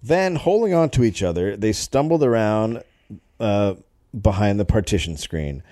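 Male podcast co-host, mellow and animated, reads the story and cracks asides. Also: lowish voice, moderate pace, no echo, clean studio sound. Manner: reads the story aloud with jokey asides and laughs. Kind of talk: comedic history storytelling.

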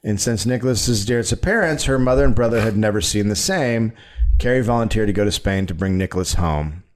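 A man hosting a comedy podcast, telling a true story with a deadpan, sarcastic delivery. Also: lowish voice, brisk. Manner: deadpan storyteller who mock-defends the lie with sarcasm.

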